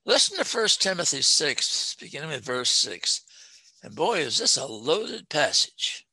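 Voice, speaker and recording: Gravelly preacher man, bright and lively. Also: fairly high pitch, no echo. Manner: emphatic, drawn-out scripture reading. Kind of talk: sermon.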